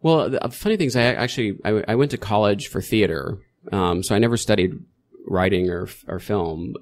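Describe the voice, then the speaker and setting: A middle-aged man chatting as a podcast guest, rambling and correcting himself as he tells stories with lively energy. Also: on the low side, fairly quick. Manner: rambling, self-correcting, animated storytelling. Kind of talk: casual interview chat.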